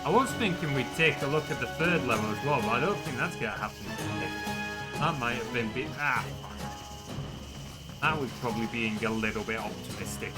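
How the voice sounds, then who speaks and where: Brief: British male streamer, casual and profane, mid-pitched voice, strong music bed behind. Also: expressive, moderate pace. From Britain. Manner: swears freely, grumbles at the game. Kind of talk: casual gaming stream chat.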